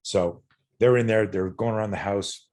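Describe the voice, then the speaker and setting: A man's voice: on the low side, normal speed, darkish tone. A middle-aged man, a self-defense instructor, telling a personal story as a podcast guest, blunt and earnest, swearing freely and stumbling over repeated words. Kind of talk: candid interview storytelling.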